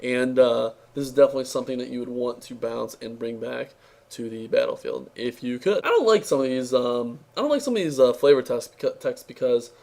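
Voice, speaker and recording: A young man with a mid-pitched, worn-out voice that sounds strained from talking. He drifts through an offhand, sarcastic review and keeps stumbling on fillers and restarts. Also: expressive, fairly quick, gravelly, darkish tone. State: tired, strained voice. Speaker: card game reviewer. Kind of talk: casual spoken review.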